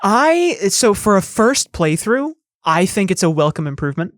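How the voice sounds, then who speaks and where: A woman guesting on a game review podcast in casual chat, talking quickly and rambling with many fillers. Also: medium pitch, very animated, no echo, studio quality.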